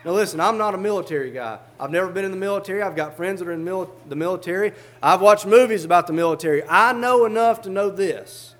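High-voiced fervent male preacher. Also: fast, few pauses, a bit bright. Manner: fervent, reads scripture in old-fashioned diction then explains it plainly. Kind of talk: sermon.

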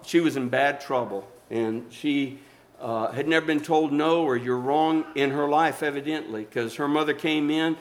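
A man's voice: a little high, fairly bright tone. An older man preaching a sermon, rising and falling in intensity and calling for amens. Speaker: pastor.

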